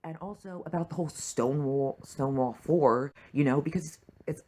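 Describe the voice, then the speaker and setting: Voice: medium pitch, normal speed, darkish tone. Heated, profane young fan ranting. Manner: profane, heated, full of fillers. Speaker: TV fan reviewer. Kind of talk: reaction rant.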